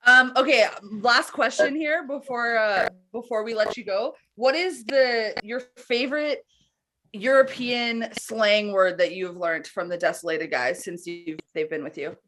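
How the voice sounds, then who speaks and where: A woman's voice: on the high side, pushed and bright. Upbeat woman co-hosting a podcast. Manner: friendly, upbeat, quick reactions. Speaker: podcast co-host. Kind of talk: casual chat.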